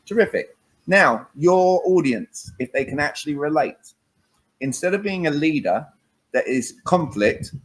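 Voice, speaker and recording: A man's voice: medium pitch, moderate pace, a little hiss or hum, poor audio. A man with a British accent, a communication coach giving an interview, emphatic and fond of acting out little dialogues to make his points. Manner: emphatic, punctuates points with "all right", acts out dialogue. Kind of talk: animated interview chat.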